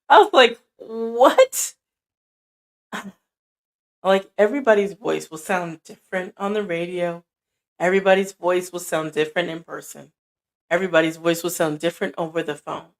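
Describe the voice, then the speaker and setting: Middle-aged lady podcaster, low soothing earthy voice, chatty storytelling, plays out both sides of the convo. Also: brisk. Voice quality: deep, soothing, grounded voice. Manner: animated storytelling, acting out both sides of conversations. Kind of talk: casual motivational talk. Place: indoor room at night.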